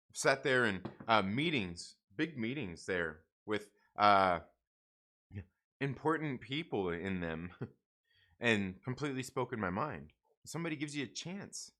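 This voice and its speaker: Blunt, bright-voiced rambling man. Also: medium pitch. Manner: blunt, rambling, profane, restarts often. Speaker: comic book channel host. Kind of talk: casual livestream rant.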